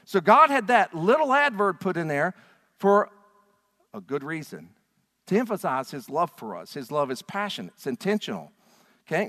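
A male pastor preaching in a church with a high, very lively voice that leaps up and down. He presses his points hard and throws questions at the congregation. His words ring out with the long reverb of a large hall. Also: normal speed. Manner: emphatic, animated preaching with rhetorical questions to the congregation. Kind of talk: sermon. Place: church sanctuary.

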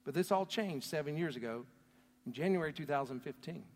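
A man preaching a sermon, telling a story earnestly, his voice swelling loud and then dropping to a near hush. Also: fairly high pitch, animated, fairly quick. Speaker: pastor. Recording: long hall reverb.

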